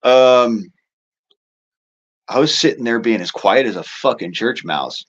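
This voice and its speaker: A man hosting his own show delivers a rambling, profanity-laced rant. His pitch swings widely as he works himself up, and he breaks into amused, exasperated laughter at his own complaints. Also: lively intonation, measured pace, highs cut off. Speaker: show host. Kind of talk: casual ranting monologue.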